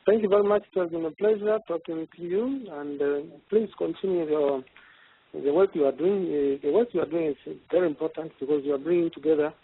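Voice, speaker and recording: Older Zambian man, husky and gracious. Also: fairly high pitch. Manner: measured, gracious, reassuring. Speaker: guest, institute president. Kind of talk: radio interview. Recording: tinny phone-like line.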